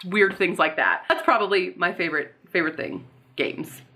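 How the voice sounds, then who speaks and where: A woman's voice: fairly low pitch, very animated, moderate pace. A woman chatting casually in a Q&A vlog, bubbly and rambling, restarting her sentences as she thinks. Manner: talks softly and coos to her pets. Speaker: booktube author and vlogger.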